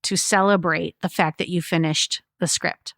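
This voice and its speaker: A woman's voice: on the low side, fairly even intonation, normal speed, creaky, fairly bright tone, no echo, studio quality. A woman hosting a podcast interview, encouraging and upbeat. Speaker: podcast host. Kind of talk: wrapping up an interview.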